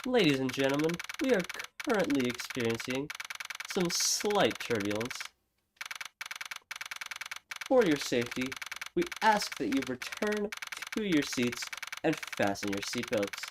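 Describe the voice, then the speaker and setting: A man's voice: mid-range voice, sing-song, moderate pace, background noise, close to an everyday voice. A man voicing a polite female flight attendant who makes formal, soothing announcements. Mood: calming. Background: game music.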